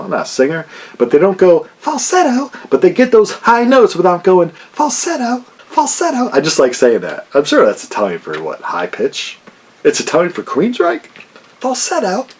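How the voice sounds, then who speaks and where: Lively rambling man showing off records. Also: mid-range voice, breathy edge. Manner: rambling and jokey, many fillers. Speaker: vinyl and CD collector, channel host. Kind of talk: casual chat showing a record haul.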